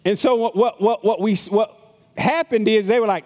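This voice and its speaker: Man pastor, high voice, conversational sermon with stammered repeats and mocking voices, long church reverb. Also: fairly even intonation, brisk, darkish tone. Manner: conversational preaching, repeats words, acts out voices of critics.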